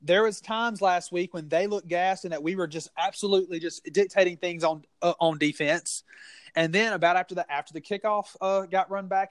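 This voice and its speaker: A man's voice: high-pitched, a little fast, no echo. A man with a Southern US accent co-hosting a casual sports podcast, rambling and heated with many restarts.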